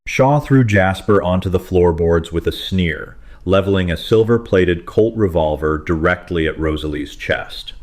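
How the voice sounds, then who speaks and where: Male audiobook narrator with a deep voice and a dramatic, steady read. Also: measured pace, few pauses. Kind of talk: scripted story narration.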